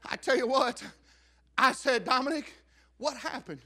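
Middle-aged male pastor, sermon storyteller, very high bright voice, swings from hushed to shouting. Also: slow pace. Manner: storytelling preacher, rising to shouts.

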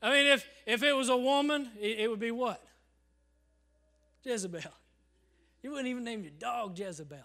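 A man preaching a sermon in a church service, swinging from loud calls to hushed near-whispers and calling "Amen?" to the congregation. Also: extremely high pitch, moderate pace, pauses often. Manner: acts out congregants in quoted voices, asks the crowd "Amen?".

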